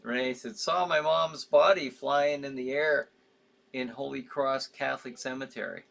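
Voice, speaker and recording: A man's voice: mid-range voice, measured pace, gravelly, long pauses, a bit bright. A man hosting a live show in casual chat, reading out viewer comments with sympathy, rambling with frequent fillers and easy laughs.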